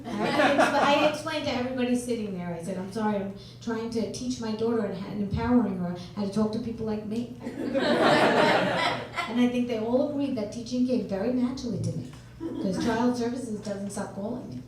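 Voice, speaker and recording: A middle-aged woman performing a stand-up comedy set, brash and deadpan, working the crowd loudly. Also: fairly high pitch, a little fast, heavy background noise. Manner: brash, deadpan punchlines, loud crowd work. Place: comedy club stage. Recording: echoey club from far off, loud crowd. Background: audience laughing and reacting.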